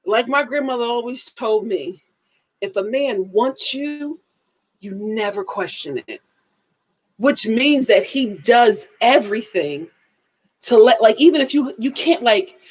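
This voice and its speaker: Animated, high-voiced woman reviewing TV. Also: breathy edge. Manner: dramatic, laughing storyteller. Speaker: reality TV reviewer. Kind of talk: live review commentary.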